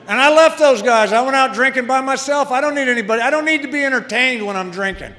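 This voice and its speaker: A man's voice: extremely high pitch, fast talker, few pauses, pushed and bright. A man in his sixties telling his own story at a recovery meeting in a wry, self-deprecating way. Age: 60s. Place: meeting hall. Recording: long reverb of a meeting hall.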